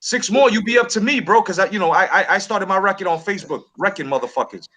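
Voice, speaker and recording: Brash bright-voiced man hosting a chat. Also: sits high, lively intonation, quick pace. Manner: brash, streetwise, swears freely. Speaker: podcast host. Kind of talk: casual chat.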